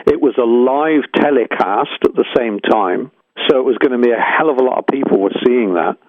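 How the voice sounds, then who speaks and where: A man's voice: medium pitch, a little fast, no room sound. Older Englishman telling stories over a phone line. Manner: rambling, frank, full of restarts and acted-out quotes. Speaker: guest musician. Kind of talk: reflective storytelling interview. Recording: tinny phone-line sound, dry.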